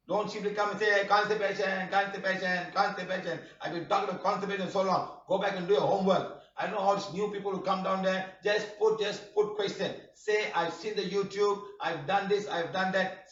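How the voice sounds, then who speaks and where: A man's voice: high-pitched, fairly bright tone. A scolding man in a roomy, distant recording. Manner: scolding, full of rhetorical questions and "huh?". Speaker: healing workshop teacher. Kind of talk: live online workshop talk. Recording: roomy, distant, dull-sounding mic.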